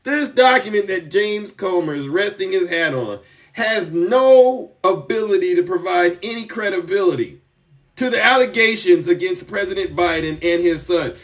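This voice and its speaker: Man, high-pitched voice, sarcastic emphatic live-stream rant, repeats himself, a bit distant from the mic. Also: expressive, moderate pace, a bit bright. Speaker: TikTok political commentator.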